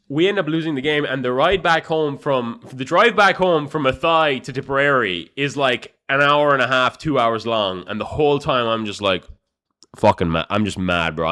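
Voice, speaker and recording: A young man with an Irish accent, a chess streamer casually telling a story to his live chat in a profane, animated way. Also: mid-range voice. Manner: profane, animated, swings between loud and mumbled.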